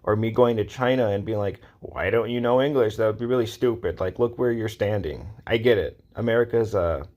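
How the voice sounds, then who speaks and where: A man with a somewhat low voice rants straight to camera in a casual, exasperated way. He circles back to the same points and throws out rhetorical questions as he goes. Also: a little fast, hardly any pauses, a little mellow. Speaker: vlogger. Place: Los Angeles area.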